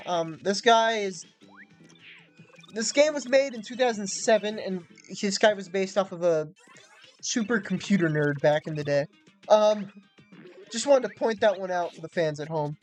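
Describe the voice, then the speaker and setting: A woman's voice: medium pitch, lively intonation, measured pace, pauses often, a little mellow, faint music behind. A young woman giving casual, chatty commentary over a video game, with lots of fillers and giggly asides. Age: young adult. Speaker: let's play host.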